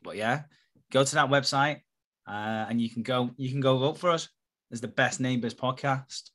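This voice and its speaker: A man hosts a podcast in a casual chat with friends. He jokes, laughs often and slips in plugs for the show. His voice sits in an ordinary middle pitch. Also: moderate pace, a bit bright. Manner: jokey, laughing, promotional. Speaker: podcast host.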